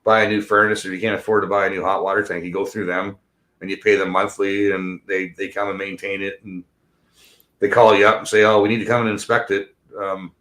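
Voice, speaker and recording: A man's voice: low voice, level tone, brisk, a bit bright. A man ranting bluntly and angrily in a casual chat, swearing constantly. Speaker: podcast co-host.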